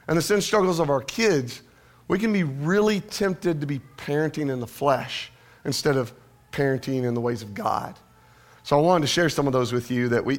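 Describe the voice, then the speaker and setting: A male pastor preaching a sermon in a church, with a conversational manner and joking asides to the congregation. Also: fairly high pitch.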